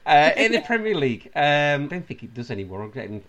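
A man's voice: fairly high pitch, sing-song, fast, crowd noise. A man hosting a casual football podcast, reading out news items with chuckles and dry asides. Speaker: podcast host.

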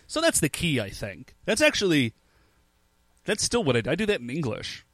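A man's voice: high voice, sing-song, normal speed, pauses often, pushed and bright, no echo. A young man co-hosting a podcast in casual chat, laid-back and peppering his talk with "like". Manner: laid-back, says "like" often. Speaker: podcast co-host.

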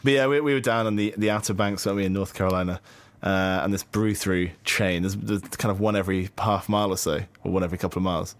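A young British man co-hosting a casual podcast, rambling through stories with many pauses and fillers. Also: low-pitched, steady tone. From Britain. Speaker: podcast co-host. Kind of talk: casual chat.

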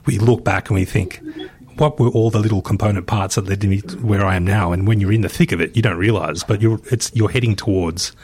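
A man's voice: lowish voice, steady tone, brisk, a little mellow, slightly rough. A man hosting a podcast interview, enthusiastic and often chiming in with short agreements. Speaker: podcast host. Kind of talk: casual interview conversation.

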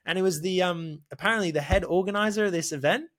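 A man telling a story in casual podcast chat, animated, swearing often and calling the listener mate. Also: high-pitched, fast talker. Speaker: podcast guest.

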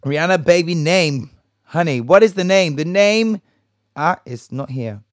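A man's voice: on the high side, animated, unhurried, no echo, studio quality. A man hosting a casual solo gossip podcast, chatty and jokey, swearing and rambling, a little tipsy. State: a bit tipsy. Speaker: podcast host.

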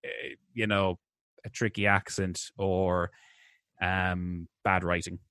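Lowish dry-voiced man, chatty film critic. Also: takes it slowly, no echo. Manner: animated, laughs often, stammering restarts. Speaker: podcast co-host. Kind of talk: casual film review chat.

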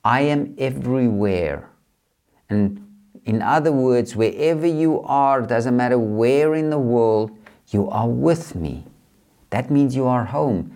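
A man voicing God as a calm, gentle male presence that reassures, in a spoken story. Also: medium pitch, takes it slowly. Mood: reassuring.

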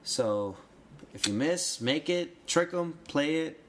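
A man's voice: on the high side, animated, slow, fairly bright tone, a little hiss or hum. Chatty man explaining soccer rules. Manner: rambling, restarts phrases, emphatic bursts. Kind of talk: casual chat.

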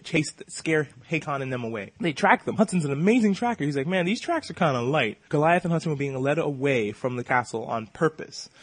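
A man with a slightly husky voice races through a casual recap, swearing freely and jumping into quick imitations of the characters. His voice sits a little high for a man, and the recording is close and dry with no room sound. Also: dry recording. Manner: excitable, profane, acts out the characters' lines. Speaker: podcast host.

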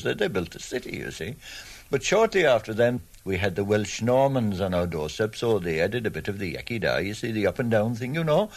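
A man with a Cork accent telling humorous local history in a folksy, rambling way. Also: on the low side. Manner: humorous, folksy, leisurely asides. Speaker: local raconteur. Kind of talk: storytelling interview.

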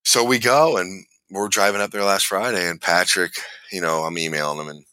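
A middle-aged man with an extremely deep voice tells a long personal story in a casual chat. His tone still has a bright, forceful edge, and the sound is close and dry. He rambles with plenty of fillers and keeps slipping into what each person said. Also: brisk, clear, resonant tone, dry recording. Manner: rambling, re-enacts dialogue with fillers. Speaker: guest storyteller.

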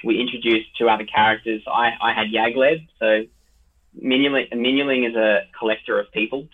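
A man's voice: mid-range voice, steady tone, brisk. A tired man chatting casually as a dungeon master, rambling with lots of fillers and restarts. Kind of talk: casual podcast chat. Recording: tinny phone-like line.

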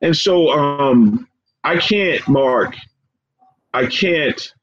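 Impassioned man, slightly high, lo-fi sound. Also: expressive, extremely slow, fairly bright tone. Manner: earnest and impassioned, repeats phrases and says "man" often. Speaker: guest, professor and founder of a forgiveness organization. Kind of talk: emotional interview conversation. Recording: dull lo-fi sound with faint background noise.

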